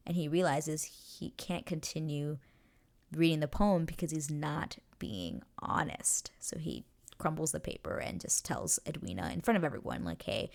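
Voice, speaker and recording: A young woman hosting a casual reaction recap, excitedly retelling scenes, swearing freely and acting out the characters' lines. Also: low-pitched, moderate pace, gravelly. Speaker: show reaction host.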